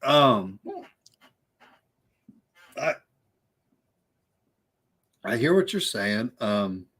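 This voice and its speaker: A man's voice: lowish voice, big pitch swings, extremely slow, fairly bright tone, breathy edge. A man co-hosting a casual horror movie livestream, rambling with repeated words and lots of "dude" and "like". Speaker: livestream co-host.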